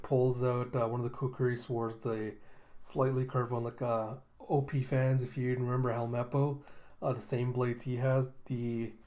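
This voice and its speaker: A man's voice: mid-range voice, mellow. A man hosting a casual manga readthrough, rambling with lots of fillers and chuckles. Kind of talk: casual reading commentary.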